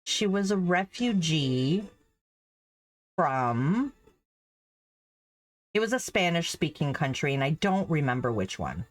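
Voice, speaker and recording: A woman's voice: low voice, sing-song, takes it slowly, pauses often. A middle-aged woman, a former French teacher, chatting casually and telling stories, laughing often. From Canada. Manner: chatty, laughs often, acts out quoted voices. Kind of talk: casual storytelling while embroidering.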